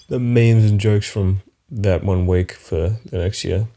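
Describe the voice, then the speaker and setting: Australian male podcast host, very low voice, loose profane comedic monologue. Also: measured pace, mellow. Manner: rambling, profane, chuckling often.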